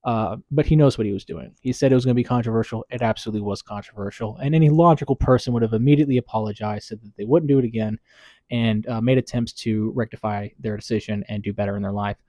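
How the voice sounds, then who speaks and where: A man's voice: on the low side, steady tone, fast talker, dark tone, no echo. A man hosting a casual commentary video, rambling with lots of fillers and restarts. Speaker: YouTube commentator.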